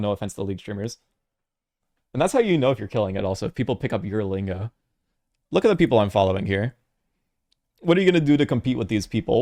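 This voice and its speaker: Young guy streaming from home, super lively voice that swings all over, swears a ton, laughs a lot. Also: medium pitch. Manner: animated, swears freely, laughs often. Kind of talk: casual live-stream reaction chat.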